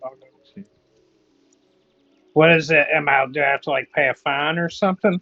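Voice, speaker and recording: A man's voice: fairly high pitch, moderate pace, no room sound, muffled recording. A man playing a tabletop game, casual and loose. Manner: casual, uses filler like. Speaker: player.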